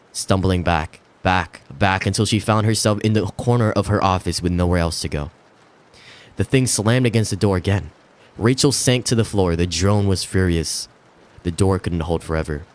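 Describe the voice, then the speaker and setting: Guy with a low deep voice reading creepy stories on stream, steady, fixes his slips. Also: normal speed. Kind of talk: reading horror stories aloud.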